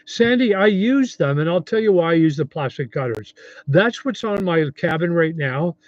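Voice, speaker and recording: A man's voice: a little high, expressive, normal speed, no echo, muffled recording. Chatty 70-year-old man hosting a livestream. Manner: rambling, friendly, reads viewer comments aloud. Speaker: livestream host. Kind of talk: casual livestream chat.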